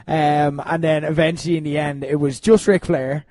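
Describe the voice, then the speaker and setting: A man's voice: a little high, flat delivery, normal speed, a little mellow, dry recording. A man co-hosting a casual podcast, rambling and laughing as he tells stories, swearing now and then. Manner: rambling, laughing, profane storytelling. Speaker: podcast co-host.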